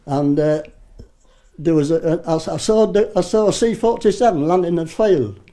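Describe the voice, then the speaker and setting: A man in his nineties tells old war stories in a loose, rambling way. He swears without a second thought and often stops to start a sentence again. His voice sits a little high for a man, with a dark, mellow tone. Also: moderate pace. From Britain. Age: 90s. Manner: rambling, salty storyteller who swears freely and restarts often. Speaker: war veteran interviewee. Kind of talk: casual reminiscing.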